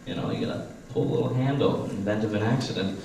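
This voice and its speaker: A man's voice: lowish voice, very fast, dark tone, a little hiss or hum. A man in his twenties doing a profane, self-deprecating stand-up comedy set. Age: 20s. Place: small stage at a comedy class show. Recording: echoey room, mic far off.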